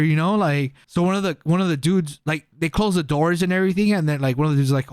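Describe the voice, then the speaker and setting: A man's voice: a little high, animated, fast, hardly any pauses, dry recording, studio quality. A young man, co-hosting a podcast and telling a rambling story full of fillers and swearing. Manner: rambling, heavy filler and profanity, acts out quotes. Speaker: podcast co-host. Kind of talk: casual storytelling.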